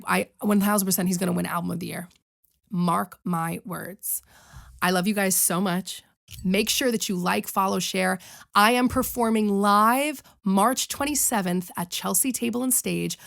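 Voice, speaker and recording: Sassy young woman with a gravelly edge. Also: medium pitch. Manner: sassy, chatty and self-motivating. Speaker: singer and podcast host. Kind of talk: casual chat to camera.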